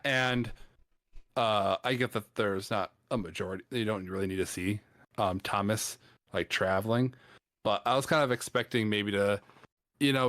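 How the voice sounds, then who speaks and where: A man with a fairly low voice, recorded dry with no room echo. He shares film opinions in a casual chat, hedging and filling pauses with ums as he thinks. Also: fairly bright tone. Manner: hesitant, lots of ums and hedging. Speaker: film podcast co-host.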